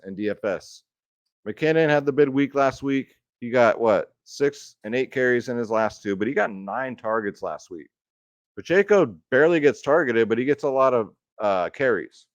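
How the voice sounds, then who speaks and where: A man's voice: mid-range voice, dry recording. A man giving fantasy football picks in a loose, chatty way, swearing freely and calling his viewers guys. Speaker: fantasy sports picks streamer. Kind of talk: casual unscripted sports picks talk.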